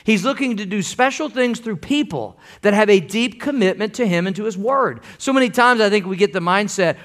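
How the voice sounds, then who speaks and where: A man's voice: high-pitched, a little fast, hardly any pauses, a bit bright. A man preaching a sermon to his church in a folksy, emphatic way, repeating phrases for stress. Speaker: pastor. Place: church sanctuary.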